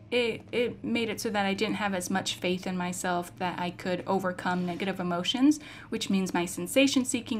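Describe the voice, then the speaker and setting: A woman's voice: medium pitch, a little hiss or hum. Woman talking through a horror game. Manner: thoughtful, talks herself through fear. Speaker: host of a psychology-themed gaming channel. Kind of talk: commentary while playing a horror game. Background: game music.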